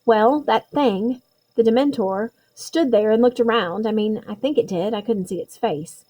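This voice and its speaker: A woman's voice: a little high, normal speed, dark tone, lightly acted, low-quality recording. A woman voicing an anxious, earnest teenage girl explaining what happened.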